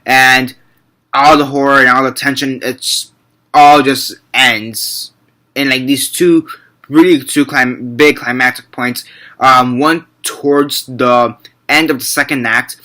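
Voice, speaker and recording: A man's voice: medium pitch, fairly even intonation, slow, pushed and bright. A young man giving a casual, rambling movie review, repeating and correcting himself and swearing freely.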